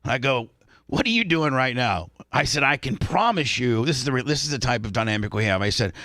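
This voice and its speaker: A talk-radio host rambles through a story, stopping and restarting often. His voice is bright and forward. The sound is dry and close. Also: mid-range voice, lively intonation, quick pace, dry recording.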